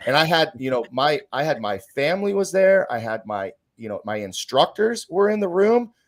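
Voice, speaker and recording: A man hosting a podcast panel discussion over a video call, talking casually with many halting restarts. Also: fairly high pitch, big pitch swings. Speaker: podcast host.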